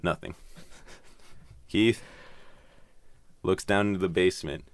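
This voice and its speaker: Deep-voiced man telling a story casually. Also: slow, dry recording. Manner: rambling, profane, heavy use of "like". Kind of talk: casual retelling of a horror story.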